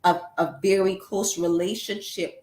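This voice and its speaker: A woman guest on a relationship show, telling a personal story in a lively way, laughing often and acting out what people said. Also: lowish voice, measured pace, roomy sound. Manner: animated, laughs often, acts out quoted voices.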